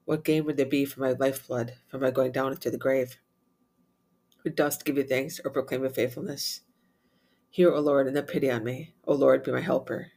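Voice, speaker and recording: A man reciting psalms, readings and short Latin prayers in a steady, measured way. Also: medium pitch. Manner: steady measured recitation, rattles off Latin refrains quickly and softly. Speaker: prayer leader.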